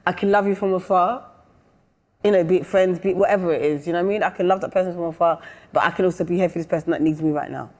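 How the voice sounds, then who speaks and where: A woman's voice: on the low side, rapid-fire, darkish tone, in a large hall. A woman with a British English accent, chatting openly as an interview guest and often checking "do you know what I mean". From England. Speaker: guest singer-songwriter. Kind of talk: casual interview chat.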